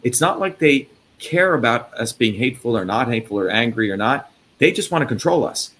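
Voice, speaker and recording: A man's voice: mid-range voice, animated, a little fast, a bit bright, slight background noise. A man hosting an interview from India, ranting angrily and emphatically with lots of swearing. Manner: profane, angry, emphatic ranting. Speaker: host. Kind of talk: heated interview talk.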